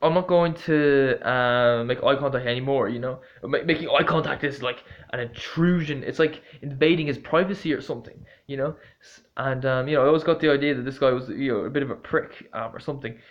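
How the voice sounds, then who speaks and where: Talking straight to the camera, a male vlogger tells a casual anecdote in a loose, halting way, tripping over fillers and restarts. He is blunt, swears freely and sounds exasperated. His pitch is ordinary, and the audio is dull and lo-fi.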